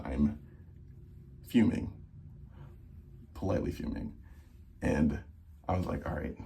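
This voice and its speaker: A man's voice: deep voice, creaky, dark tone, husky. A young man telling a casual storytime vlog, acting out both sides of his phone calls. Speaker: vlogger.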